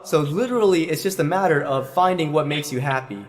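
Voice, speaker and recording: A man's voice: on the high side, brisk, slight background noise. A man giving a singing lesson, explaining at length and breaking into short sung demonstration syllables. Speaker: voice teacher.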